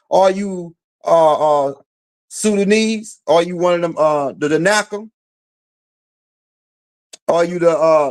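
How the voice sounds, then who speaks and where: A man giving a casual, slangy commentary monologue, challenging his target with repeated rhetorical questions. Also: high-pitched. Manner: casual slangy speech with fillers. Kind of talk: direct-address commentary monologue.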